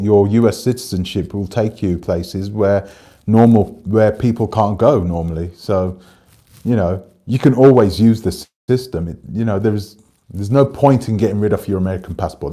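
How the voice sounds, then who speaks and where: A man with a low voice talks loosely into the camera, rambling from one point to the next and picking up viewers' comments as he goes. His tone is dark and mellow, with a relaxed, conversational delivery. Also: moderate pace. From Britain. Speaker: channel host. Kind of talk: casual livestream commentary.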